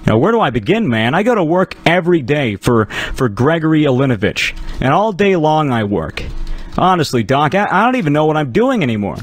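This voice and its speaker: A man's voice: fairly high pitch, big pitch swings, fairly quick, soft background music. A man voicing a weary, despairing male moth in a joke, talking in a brooding, mournful monologue.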